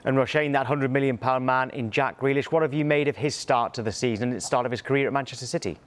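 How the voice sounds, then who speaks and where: A man's voice: medium pitch, fast. A man presenting a sports panel, conversational and prompting the guests. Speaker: news presenter. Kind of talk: studio panel chat.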